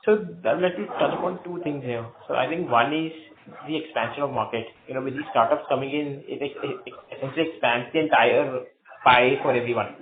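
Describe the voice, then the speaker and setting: A company executive with an Indian accent lays out his answer point by point, often saying "you know". His voice comes through a thin phone line from a room with a noticeable echo. His pitch sits mid-range for a man. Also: a little fast, crowd noise. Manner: structured, explanatory, uses "you know". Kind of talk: earnings call answer.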